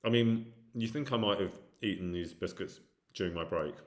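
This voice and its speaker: Reading out his stream viewers' comments with self-deprecating humor, a man from the Birmingham area of the English Midlands chats casually in a Brummie accent. He's a livestream host with a deep voice, talking at normal speed.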